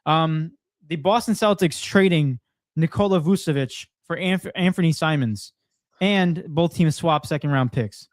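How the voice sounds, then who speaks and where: A man co-hosting a casual sports chat, opinionated and confident, talking in quick bursts. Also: on the high side, no room sound. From Portuguese heritage. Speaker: co-host.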